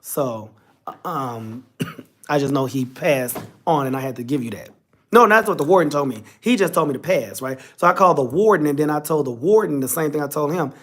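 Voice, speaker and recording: A man's voice: on the high side, lively intonation, fairly quick. Candid man telling a personal story. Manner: candid, emotional, addresses viewers directly. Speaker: vlogger.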